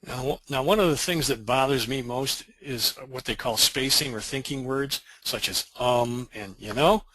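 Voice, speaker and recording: Bright-voiced man presenting a webinar. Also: medium pitch, normal speed, dry recording, poor audio. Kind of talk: scripted webinar dialogue.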